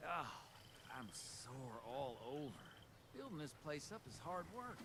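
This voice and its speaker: A man's voice: fairly high pitch, very animated, a little slow, noisy background. An actor playing a weary, grumbling male settler in a wasteland video game, heard as game audio. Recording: game audio under loud ambience.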